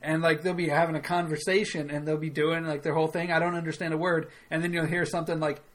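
A woman's voice: sits low, quick pace. A young woman co-hosting a casual podcast, laughing easily and tossing in asides and personal stories. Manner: relaxed, laughs often, chimes in with asides. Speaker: podcast co-host. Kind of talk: casual chat.

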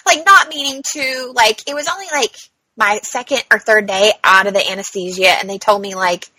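A woman's voice: on the high side, animated, moderate pace, bright, forceful tone, no echo, rough recording. A woman telling a story in a casual chat, full of "like" and "um," laughing often as she goes. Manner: chatty, peppered with "like" and "um"; laughs often while talking.

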